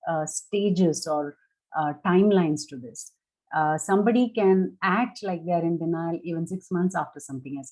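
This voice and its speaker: A middle-aged woman gives a reflective talk as a therapist, her voice sitting a little low and sounding mellow and relaxed. She explains patiently, pausing on fillers and repeating words as she gathers her thoughts. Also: rough recording. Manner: measured, warm-toned explaining with frequent fillers and restarts.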